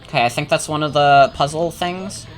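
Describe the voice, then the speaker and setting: A woman's voice: sits low, moderate pace, faint music behind. A woman streaming a game, chatting and joking casually with her chat and swearing freely. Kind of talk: casual gameplay commentary.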